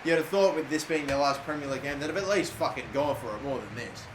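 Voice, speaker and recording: Excitable swearing man narrating a game. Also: on the high side, fast talker, over music. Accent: Australian. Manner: excitable, swears often, shouts at players. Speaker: gaming YouTuber. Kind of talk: live game commentary. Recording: echoey room with faint background noise.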